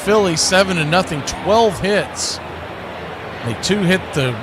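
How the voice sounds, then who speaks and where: A man calling a baseball game pitch by pitch as the stream's play-by-play announcer, rising in excitement on big plays. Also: unhurried, background noise.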